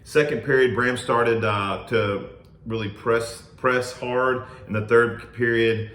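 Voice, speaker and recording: A man in his thirties co-hosting a family podcast and coaching youth wrestling, telling stories in a steady, earnest way. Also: mid-range voice, slow, echoey room. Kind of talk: casual chat.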